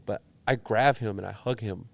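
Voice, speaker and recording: A young man, a politician, telling a personal story in an interview, earnest and animated, with many fillers. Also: fairly low pitch, moderate pace, creaky. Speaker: politician guest.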